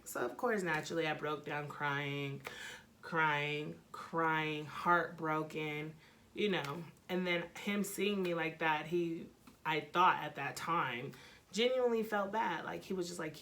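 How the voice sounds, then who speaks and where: Animated, profane young woman telling a story. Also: sits low, unhurried, slight background noise. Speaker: vlogger. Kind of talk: storytime vlog.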